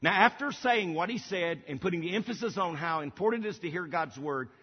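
A man's voice: high voice, animated, fairly quick, breathy edge. A middle-aged male pastor preaching a sermon, emphatic and repeating key phrases for weight. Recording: dull lo-fi audio with long hall reverb.

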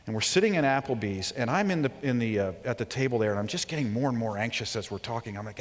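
A man in his forties preaches a sermon with animated storytelling, acting out the voices he quotes and sinking to a hush for emphasis. His voice sits at an ordinary mid pitch. It rings out with a long reverb in a large hall. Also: fast, few pauses. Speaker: preacher and professor.

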